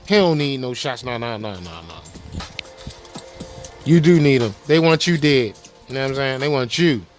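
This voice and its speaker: A male podcast host in a casual rant, animated and profane, using street slang and firing rhetorical questions. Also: mid-range voice.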